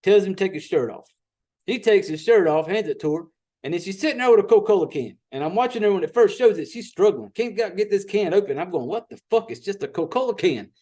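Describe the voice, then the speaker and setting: High-voiced Southern man recapping a movie. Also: expressive, fast, dark tone. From Southern United States. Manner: profane, rambling storyteller. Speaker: podcast host.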